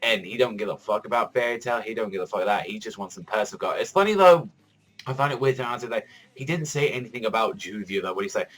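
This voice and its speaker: A man giving a casual video review of a manga chapter, talking in a rambling, excitable way and swearing a lot. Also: lowish voice, fast, poor audio.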